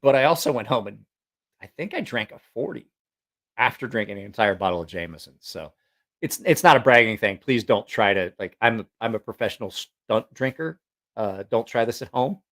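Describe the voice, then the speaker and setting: A man's voice: fairly low pitch, expressive, normal speed, fairly bright tone. A man telling stories in a casual, rambling monologue, joking about himself and often restarting his sentences. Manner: rambling and chatty, with frequent fillers and restarts; frank, self-mocking humor. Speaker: vlogger.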